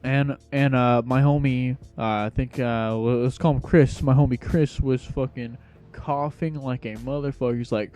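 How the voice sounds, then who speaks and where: A young man spins a casual storytime tale, slangy and rambling. His voice is mellow and a little dark, sitting at an ordinary pitch. Faint music plays underneath. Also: steady tone, normal speed. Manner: slangy, laid-back rambling.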